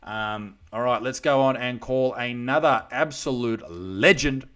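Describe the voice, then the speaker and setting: A man's voice: medium pitch, a little slow, fairly bright tone, clean tone. An Australian man hosting a live stream, chatting casually with crude jokes. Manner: crude, joking banter. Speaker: comedian livestream host.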